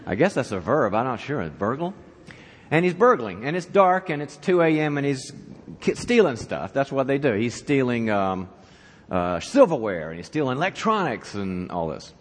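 Speaking at medium pitch and a moderate pace, this guest speaker addresses church leaders in a big hall. His conference talk starts with a joke, and he tells stories with energy while asking the crowd questions.

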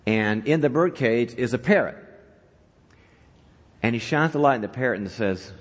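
A man's voice: medium pitch, normal speed. A man speaking to an audience at a church leadership event, telling a joke conversationally and asking the crowd questions. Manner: animated storyteller, conversational, asks the audience questions. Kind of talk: conference talk to an audience. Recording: reverberant hall.

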